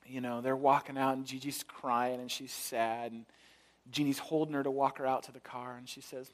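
A man's voice: medium pitch, steady tone, fairly quick. A man in his thirties preaching a sermon, telling a family story and acting out the voices of his wife and little daughter. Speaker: pastor.

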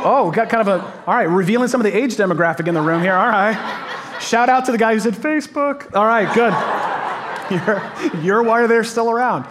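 A man preaching in a church with a noticeably high voice for a man. He talks to the congregation in a chatty, upbeat way and laughs often. His sermon feels like friendly conversation. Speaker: pastor. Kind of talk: casual sermon to a live congregation. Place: church auditorium.

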